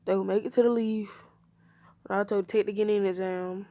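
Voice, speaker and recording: A woman's voice: mid-range voice, fairly even intonation, fairly quick, warm tone, no room sound. A woman casually telling an improvised fan story, loose and slangy with rambling asides.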